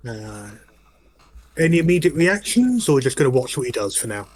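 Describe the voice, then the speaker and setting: A man's voice: mid-range voice, sing-song, normal speed, a little mellow. A man narrating a tabletop game as game master, with hesitant, filler-heavy narration.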